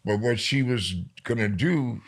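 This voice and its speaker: Gravelly older man telling stories. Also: mid-range voice. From New York. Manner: lively storyteller, slows down for emphasis. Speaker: poet guest. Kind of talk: storytelling interview.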